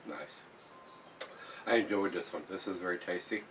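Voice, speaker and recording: A man's voice: deep voice, moderate pace, fairly bright tone, far from the mic, a little hiss or hum. A man reviewing a beer in a casual vlog, blunt and plain-spoken, swearing when annoyed and repeating himself.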